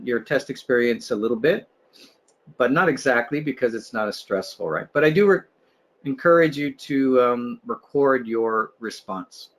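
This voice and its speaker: A man runs an online test-prep webinar, talking through speaking tips one by one. His voice sits in a middle pitch range. He pads his explanations with "um" and "you know" and checks in with "right?". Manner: explanatory, filler-heavy with restarts, asks "right?". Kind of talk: webinar teaching.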